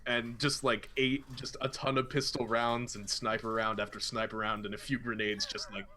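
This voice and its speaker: Bright-voiced man narrating his moves. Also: mid-range voice, flat delivery, normal speed. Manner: rambling, lots of "like" and "um". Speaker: player. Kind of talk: casual tabletop narration.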